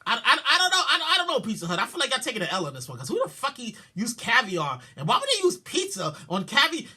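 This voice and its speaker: A woman hosting a podcast, reading news headlines and reacting with loud exclamations, repeated words, swearing and a lot of laughter. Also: on the high side, wildly swooping pitch, fast, breathy edge. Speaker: podcast host. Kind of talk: comic commentary on news headlines.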